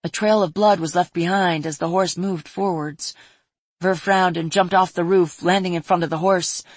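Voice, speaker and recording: A woman narrating a fantasy story in a steady, even reading voice on a close mic. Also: fairly low pitch, moderate pace, no room sound. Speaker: audiobook narrator.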